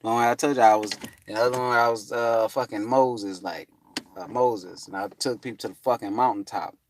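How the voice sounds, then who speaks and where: Wandering through a spiritual tale, a man swears freely and leans on fillers, breaking into sudden high, loud voices for the people he quotes. His tone is steady and his speed normal, with a little hiss or hum on the recording.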